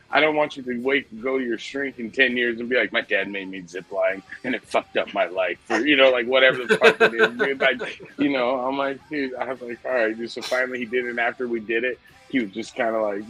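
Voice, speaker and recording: A middle-aged man with a husky voice, co-hosting a casual podcast chat and telling stories with plenty of swearing and laughter. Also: medium pitch, bright, forceful tone, low-quality recording. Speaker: podcast co-host.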